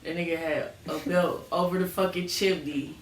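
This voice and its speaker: A woman co-hosting a casual late-night chat, joking in an animated, slangy way about growing up. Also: fairly low pitch, moderate pace, distant mic. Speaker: podcast co-host. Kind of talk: casual chat while smoking. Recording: echoey room, off-mic, faint noise.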